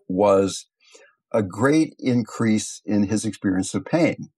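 An older man, a meditation teacher, giving a gentle, thoughtful talk and telling stories along the way. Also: on the low side, breathy edge. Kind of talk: reflective talk with storytelling.

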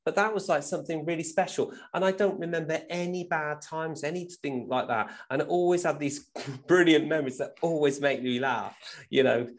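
A man with a high-ish voice speaks a little fast as a guest musician telling casual stories. He's animated, tosses in "right?" often and laughs while he talks.

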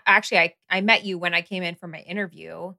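A woman's voice: fairly low pitch, steady tone, fast, creaky, pushed and bright, no room sound, studio quality. A woman hosting a podcast in casual chat, effusive and laughing often. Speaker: podcast host.

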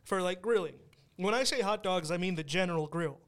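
A man's voice: high-pitched, a little fast, a bit bright. A man co-hosting a podcast in casual chat, easygoing and laughing along. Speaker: podcast co-host. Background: guitar music.

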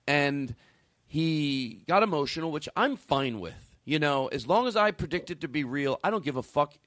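A man's voice: a little high, expressive, moderate pace, fairly bright tone, no room sound. Rambling, foul-mouthed male podcast host. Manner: rambling, profane storytelling with frequent restarts. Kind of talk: casual chat. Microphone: studio mic with a caller on the line.

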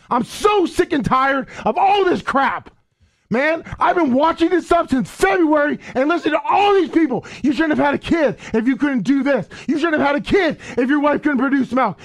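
A man's voice: very high voice, a bit bright. A man co-hosting a show, ranting in an aggravated way, swearing and repeating filler words. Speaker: radio show co-host. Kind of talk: heated on-air rant.

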